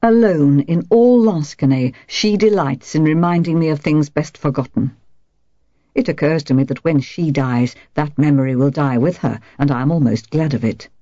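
A woman narrating a first-person story in a measured, even reading. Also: sits low, no room sound. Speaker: audiobook narrator. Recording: dull, dry audiobook recording.

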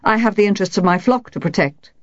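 A woman voicing a stiff, pompous male priest who speaks with cold, sharp dignity. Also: medium pitch, expressive, quick pace, no echo, highs cut off, voice pushed up, lightly acted. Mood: stern.

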